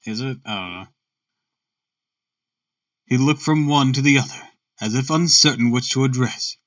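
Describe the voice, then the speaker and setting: A man's voice: mid-range voice, normal speed, fairly bright tone, no echo, distant mic, dull audio. Chatty male streamer reading aloud. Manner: laughs at his own misreadings, chatty. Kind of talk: casual read-aloud with chatty asides.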